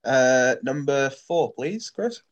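A man's voice: mid-range voice, lively intonation, takes it slowly, muffled recording. A man playing along in a casual quiz with friends, chatty and a little hesitant. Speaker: quiz player. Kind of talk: casual game chat.

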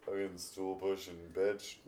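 A man's voice: on the low side, dark tone. A man co-hosting a podcast in casual chat, joking, teasing and laughing often. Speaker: podcast co-host.

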